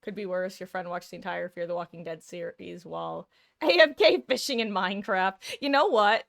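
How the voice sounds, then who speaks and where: A woman's voice: lowish voice, normal speed, creaky, no room sound, clean studio sound. A woman streaming a game live, chatting casually, answering her chat and laughing often. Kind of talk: casual chat while gaming.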